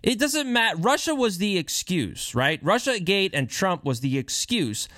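A man's voice: high voice, very animated, normal speed, bright, forceful tone, no echo, clean studio sound. A man giving heated, sarcastic political commentary while reading and remarking on news.

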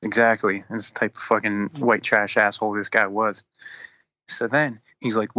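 A man telling a long story in casual chat, animated and swearing constantly as he acts out both sides of an argument. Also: fairly low pitch, moderate pace, no room sound. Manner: animated, heavy swearing, quotes people in exasperated retellings.

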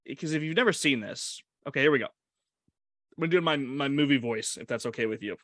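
With a medium-pitched, slightly bright voice and a brisk pace, this man co-hosts a casual movie-discussion podcast. He is chatty and hesitant, often restarting sentences and laughing. The audio is studio quality with no echo.

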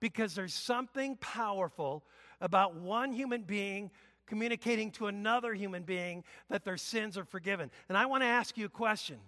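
A male pastor giving a conversational sermon, with emphatic bursts and loud exclamations, in a church. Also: sits high, normal speed, long reverb tail. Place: church sanctuary.

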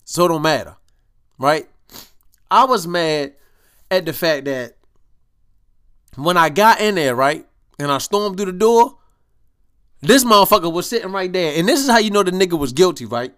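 Young man, podcast host, animated storytelling, heavy slang, resonant voice, higher pitch. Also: moderate pace, long pauses, clear, resonant tone. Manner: animated, profane street slang, acts out quotes. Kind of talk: casual storytelling monologue.

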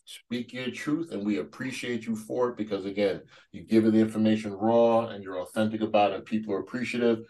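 Brief: low-pitched male podcast host, loose and jokey. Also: fairly even intonation, fairly quick, few pauses, dark tone. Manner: loose, joking, with stumbling restarts. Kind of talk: casual podcast interview.

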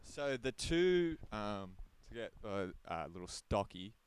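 A man's voice: on the low side, big pitch swings, takes it slowly, clean tone. A man co-hosting a casual podcast, rambling with lots of fillers. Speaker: podcast co-host.

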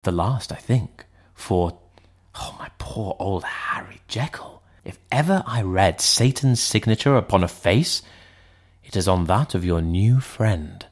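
A reserved, middle-aged lawyer, as a male reader puts him on speaks in a measured, formal manner. His voice sits low, and his questions are polite but probing. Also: expressive, heavily acted. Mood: troubled.

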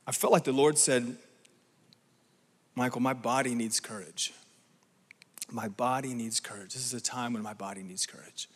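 Animated preacher in a reverberant hall. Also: male voice, fairly high pitch. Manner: animated, asks the crowd "right?" often. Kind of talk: sermon.

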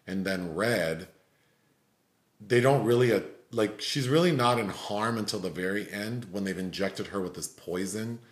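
A man's voice: on the low side, a little slow. Man reviewing a film, roomy sound. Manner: rambling, filler-heavy critique. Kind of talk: casual chat. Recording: roomy echo.

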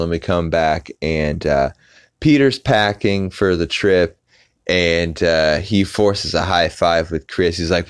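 Brief: deep-voiced male podcast host, rambling casual recap, dry recording. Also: measured pace, smooth, dry recording. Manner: rambling with many filler "uh"s.

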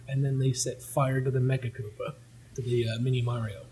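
A man's voice: mid-range voice, flat delivery, fairly quick, mellow, husky, rough recording. A man hosting a casual comic read-through, joking and laughing as he narrates. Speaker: host.

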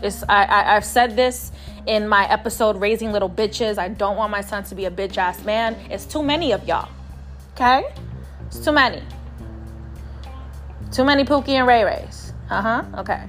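A woman's voice: mid-range voice, normal speed, fairly bright tone, faint music behind. A woman from New York City telling a personal story on her podcast, candid and profane, talking straight to her listeners. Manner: candid, profane, emphatic, addresses listeners as y'all. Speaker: podcast host. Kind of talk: casual storytelling monologue.

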